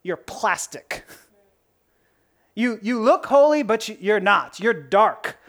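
A woman's voice: mid-range voice, animated, slow pace, fairly bright tone. A woman preacher reading out the lines of a fiery, outspoken male apostle on trial, with cutting, defiant retorts.

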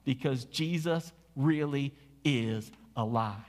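A man's voice: medium pitch, slow pace, a little mellow. A middle-aged man preaching a sermon, telling a story and acting out what people said, with questions to the congregation. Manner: storytelling, acts out quotes, asks the congregation questions. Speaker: pastor. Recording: long hall reverb.

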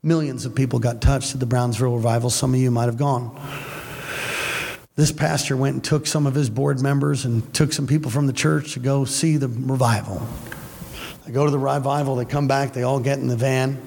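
A man preaching a lively, story-driven sermon to a congregation, playful and animated as he acts out his stories. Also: mid-range voice, brisk, gravelly. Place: church before a congregation. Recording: echoey church hall with faint ambience.

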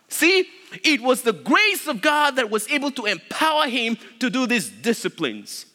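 A man preaching a sermon as pastor, emphatic, with loud stresses that drop to low asides. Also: very animated, moderate pace. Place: church sanctuary. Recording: long reverb of a large hall.

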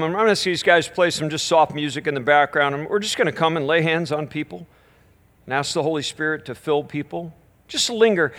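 Middle-aged male minister, higher-pitched storyteller. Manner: animated storytelling that drops into soft, slow prayer. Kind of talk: storytelling sermon at a live church event.

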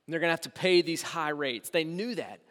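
A man in his thirties preaching a sermon as pastor, animated, swinging between hushed asides and loud emphasis. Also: a little high, fairly quick. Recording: long reverb of a large hall.

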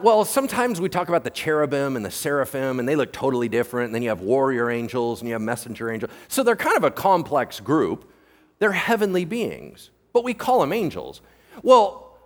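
A man's voice: a little high, long reverb tail. A male pastor preaching a sermon, joking and throwing questions at the congregation. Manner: animated, joking, asks the room questions.

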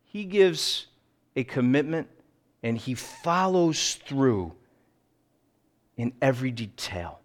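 A middle-aged man preaching a sermon as pastor, earnest, sometimes dropping low and quiet for emphasis, sometimes telling lively stories. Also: slow pace, pauses often. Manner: animated storytelling with acted quotes.

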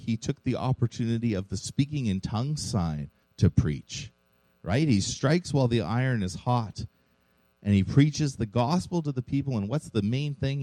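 A man's voice: medium pitch, warm tone, no echo, poor audio. A man preaching a sermon as pastor of a church, earnest, with rhetorical questions to his congregation.

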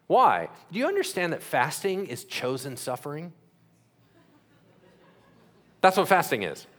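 Pastor guy preaching, lively, throws questions at the crowd, acts out little voices. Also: on the high side, measured pace. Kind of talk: sermon.

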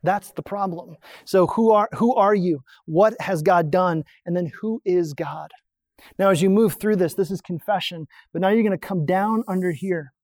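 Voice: mid-range voice, normal speed, a little mellow, no echo, clean studio sound. A pastor giving a conversational sermon, explaining points on a drawn diagram and asking the listeners rhetorical questions.

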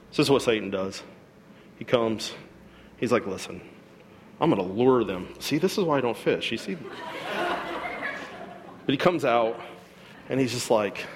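A man preaching a sermon to his congregation, animated and joking, acting out quoted voices as he goes. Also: medium pitch, in a large hall, a little hiss or hum. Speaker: pastor. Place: church hall.

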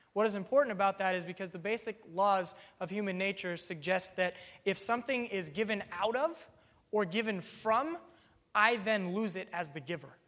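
High-voiced man preaching in a hall. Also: pushed and bright. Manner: earnest, explaining with plain examples, occasional "um". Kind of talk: sermon.

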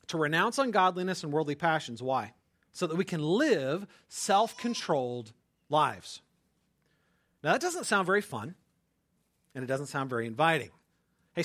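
A man preaching a sermon in a lively, conversational way, often checking in with the congregation. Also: high-pitched. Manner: animated, conversational preaching with frequent "right?". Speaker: pastor.

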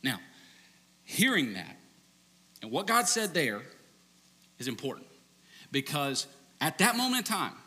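Male pastor, sermon, bright forceful tone, conversational storytelling, long hall reverb. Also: moderate pace, long pauses. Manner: conversational storytelling, animated, ends low and hushed.

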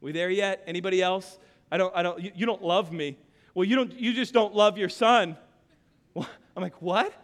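Pastor guy in his 30s preaching, fired up then quiet, echoey church. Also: high voice, fairly even intonation, normal speed. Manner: impassioned, swings from quiet to shouting. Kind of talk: sermon. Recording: long hall reverb.

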